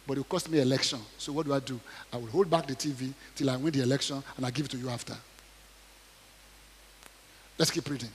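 A man preaching a sermon, reading scripture aloud and commenting on it, swinging between quiet asides and loud acted quotes, often asking the audience questions. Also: fairly high pitch, in a large hall, a little hiss or hum. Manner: asks the audience questions, repeats words.

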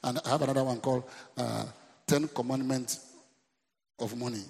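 A Nigerian man preaching a sermon in a reverberant church hall. His voice is heavily gravelly and sits at a middle pitch. He keeps calling out to the congregation and repeating his lines for effect. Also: fairly even intonation, normal speed, darkish tone. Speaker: pastor.

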